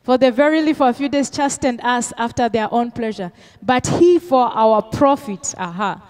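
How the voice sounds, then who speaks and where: A woman's voice: a little high, normal speed, darkish tone. A middle-aged woman pastor, preaching a sermon with call-and-response questions and Swahili phrases mixed in.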